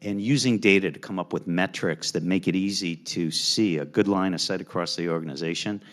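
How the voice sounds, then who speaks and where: A man's voice: sits low, a little fast, fairly bright tone. A man answering a question on a finance panel in a casual way, often saying "you know" and restarting phrases, in a university event hall. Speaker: panelist, company CFO.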